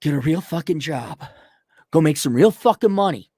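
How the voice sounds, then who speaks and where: A man's voice: a little high, lively intonation, moderate pace, slightly rough, dry recording, clean studio sound. Profane, mocking man ranting. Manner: profane, mocking, blunt and loud. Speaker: host. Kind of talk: ranting commentary to an audience.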